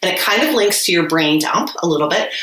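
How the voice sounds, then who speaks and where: A woman's voice: on the low side, lively intonation, fast, fairly bright tone, roomy sound, poor audio. A woman co-hosting a podcast, chatting casually and animatedly, laughing often. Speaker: podcast co-host. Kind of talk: casual chat.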